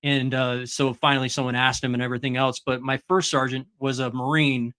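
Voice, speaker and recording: A man, a veteran guest, telling a story in a relaxed, casual conversation. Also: mid-range voice, brisk. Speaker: guest, Navy and Army veteran.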